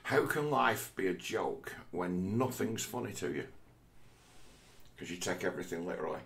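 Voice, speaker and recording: Low, gravelly man musing. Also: expressive, normal speed, a bit bright. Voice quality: heavy swearing, restless restarts. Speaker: vlogger. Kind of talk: rambling philosophical monologue.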